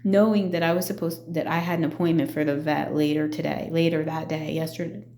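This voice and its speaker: Middle-aged woman vlogger, hesitant and full of fillers; warm dark tone, roomy recording. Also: deep voice, flat delivery, a little hiss or hum. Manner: halting, full of fillers and restarts. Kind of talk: casual personal vlog.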